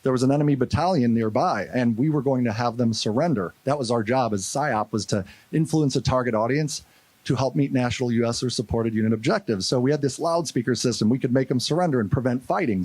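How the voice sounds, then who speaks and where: A man's voice: medium pitch, fast talker, no room sound. A man from St. Louis speaking at a conference, telling a story with energy and acting out the voices of the people in it. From St. Louis, USA. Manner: animated, acts out quotes. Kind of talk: storytelling keynote talk.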